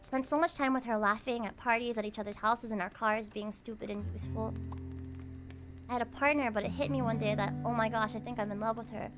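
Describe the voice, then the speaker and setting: A young American woman streaming a cozy late-night chat, reading comments aloud, playful and squealing at times, then soft and reflective. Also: fairly high pitch, steady tone, fast talker, soft background music. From United States.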